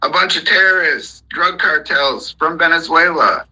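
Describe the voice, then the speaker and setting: A man's voice: fairly high pitch, normal speed, bright, forceful tone, slightly rough, poor audio. A man hosting a live audio chat room, ranting heatedly about politics with plenty of profanity. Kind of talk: angry political rant.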